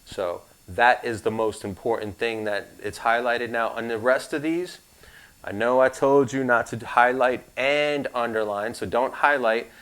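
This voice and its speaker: A man leads a live insurance licensing class in a relaxed, conversational manner. His voice sits in an ordinary middle pitch, and he mixes instructions with frank personal asides. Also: unhurried, clear, resonant tone, low-quality recording.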